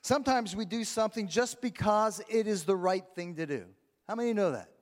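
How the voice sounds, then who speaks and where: A man's voice: high voice, expressive, fairly quick. A middle-aged male pastor preaching a sermon, calling out to the congregation with rising emphasis and amens. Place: church sanctuary. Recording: long hall reverb.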